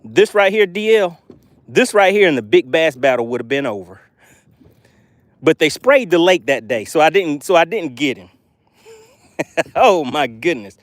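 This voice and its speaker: Young male fishing host, outdoors on a boat, animated delivery, fairly high voice, dry close sound. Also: normal speed, long pauses, dry recording. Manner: animated, hypes viewers, playful made-up words. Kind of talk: excited live fishing commentary.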